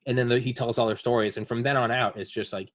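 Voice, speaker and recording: A man's voice: mid-range voice, steady tone, fast talker, no room sound. A man hosting a casual podcast chat, retelling veterans' war stories in a rambling way with lots of fillers. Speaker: podcast host.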